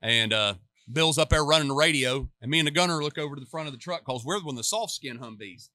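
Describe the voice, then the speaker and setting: A man's voice: a little high, quick pace, sharp tone, dry recording. A middle-aged American man, a retired Marine, telling earnest, reflective stories as co-host of a casual chat show. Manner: earnest, reflective storytelling about leadership.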